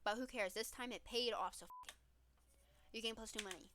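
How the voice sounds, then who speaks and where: A woman's voice: a little high, fast talker, noisy background. A woman reading a dating-sim game's story text aloud with a wry, dry delivery. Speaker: streamer.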